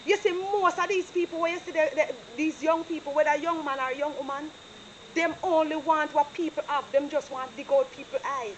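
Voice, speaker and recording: A Jamaican woman acting a nosy, talkative female surveyor who gossips freely and is quick to apologise, in a low-budget drama. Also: fairly even intonation, slight background noise, lightly acted. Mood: preachy. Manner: gossiping, chatty, dramatic retelling. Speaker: property surveyor.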